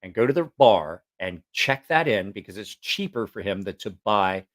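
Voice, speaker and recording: A man's voice: on the low side, animated, moderate pace. A man telling stories in a casual, rambling monologue, joking about himself and often restarting his sentences. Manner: rambling and chatty, with frequent fillers and restarts; frank, self-mocking humor. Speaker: vlogger.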